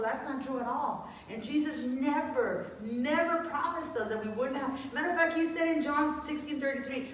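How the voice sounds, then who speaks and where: A woman pastor delivers a casual, conversational sermon, weaving personal stories into her message. Her voice sits a little high. She is recorded from a distance in a strongly echoing church with faint hiss beneath. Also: lively intonation, moderate pace. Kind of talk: informal sermon. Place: church sanctuary. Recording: echoey room, distant mic.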